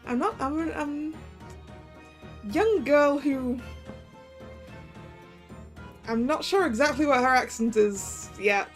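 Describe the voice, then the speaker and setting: A woman's voice: sits high, lively intonation, slow pace, pauses often, faint music behind. A woman streaming a story game, chatting and laughing at herself while working out character voices. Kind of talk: game playthrough, reading voices aloud.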